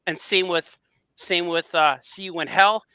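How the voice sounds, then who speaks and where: A man with a high, very bright and edgy voice tells a long story, acting out both sides of the exchange. His voice sounds close and dry, with no room around it. He keeps the tale animated throughout. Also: measured pace, clean tone, no room sound. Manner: animated storyteller, acts out quoted dialogue. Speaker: podcast host. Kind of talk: casual chat, storytelling.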